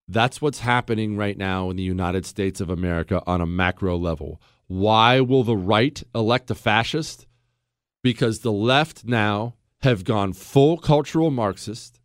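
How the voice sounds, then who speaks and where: A man's voice: mid-range voice, lively intonation, a little slow, no echo. A man hosting a radio talk show, telling a story with emphatic, self-deprecating humor, then moving into political commentary, in a studio.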